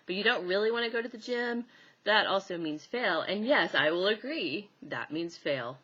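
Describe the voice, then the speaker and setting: Woman hypnosis teacher, low voice with a bright, forceful edge, chatty and laughing often, slightly dull recording. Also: unhurried. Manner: chatty and animated, laughing often, many fillers. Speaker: hypnosis instructor. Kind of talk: casual teaching talk to camera.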